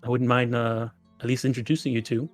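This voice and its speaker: A man's voice: medium pitch, level tone, fairly quick, soft background music, lightly acted. A man playing an earnest woman hero in a tabletop game, speaking hesitantly with many fillers.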